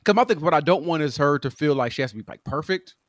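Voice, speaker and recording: A man's voice: on the high side, lively intonation, fast talker, no echo, studio quality. A man co-hosting a podcast, chatting casually about parenting in a rambling way with many restarts. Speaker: podcast co-host. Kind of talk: casual chat.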